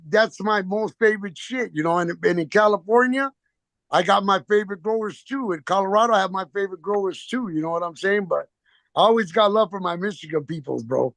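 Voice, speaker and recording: A man with a high, gravelly voice spins loose, rambling stories, packing them with cursing and slang and acting out both sides of each exchange. He talks into his phone on a video call, and the sound is dry and close, with no room around it. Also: a bit bright, no room sound. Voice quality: gravelly, heavy profanity, slangy street talk. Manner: rambling storytelling with quoted back-and-forth. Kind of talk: casual chat on a video call.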